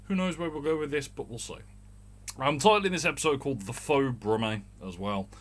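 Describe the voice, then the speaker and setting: A man in his thirties from Birmingham, England, with a mild local accent, speaks fairly quickly in a mid-range, slightly bright voice. As the podcast's host, he delivers a rambling, chatty solo rant with swearing.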